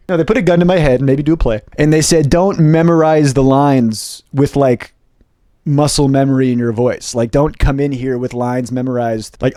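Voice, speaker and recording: A young man, a stand-up comedian, riffing casually to camera in a fast, animated way with profane jokey asides. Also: medium pitch, no room sound. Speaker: stand-up comedian and video host.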